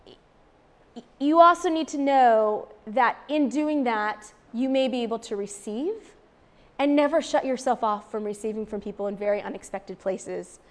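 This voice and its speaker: A woman's voice: fairly high pitch, measured pace. A woman in her thirties, a street outreach worker, giving an earnest, emphatic faith talk to a live audience and repeating phrases for stress.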